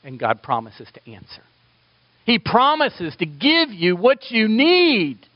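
Dynamic preacher, loud then hushed. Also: male voice, sits high, wildly swooping pitch, slow, no room sound, muffled recording. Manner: preaching with big swings from loud pleading to hushed near-whisper. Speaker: pastor. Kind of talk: sermon.

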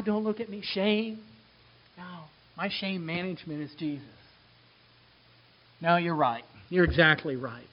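A man preaching a sermon, moving between loud, excited exclamations and quiet, hushed asides. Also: on the high side, dull audio. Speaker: pastor.

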